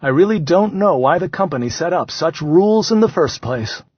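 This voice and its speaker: A man's voice: on the high side, lively intonation, moderate pace, husky, dry recording. A man voicing a mild, reasonable father in an audiobook. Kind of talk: audiobook character voice. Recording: slightly dull, dry recording.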